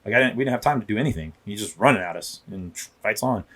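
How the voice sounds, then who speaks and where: A man's voice: fairly low pitch, expressive, quick pace, a bit bright, slightly rough. A man in his thirties, a police officer, telling rambling stories in casual podcast chat. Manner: rambling, restarts, acts out quotes. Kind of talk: casual storytelling.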